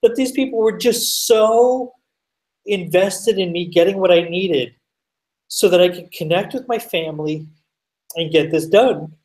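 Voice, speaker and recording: Animated man telling a story, mic distant. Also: high voice, a little slow. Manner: animated, swears, lots of fillers. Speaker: podcast guest. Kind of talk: casual storytelling.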